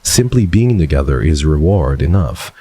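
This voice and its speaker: A man's voice: extremely low pitch, animated, moderate pace, mellow, husky, dry recording, pitched below the performer's own voice, exaggerated voice. A man putting on the voice of a smug, flirtatious charmer who purrs pet names at the listener. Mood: seductive. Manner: suave, purring, calls the listener kitten. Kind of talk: dramatic reading in a put-on voice.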